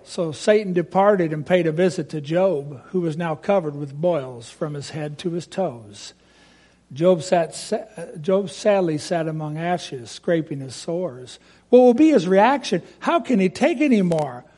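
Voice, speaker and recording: A man's voice: a little high, expressive, measured pace, warm tone. A man reciting a rhymed Bible story expressively, asking listeners direct questions.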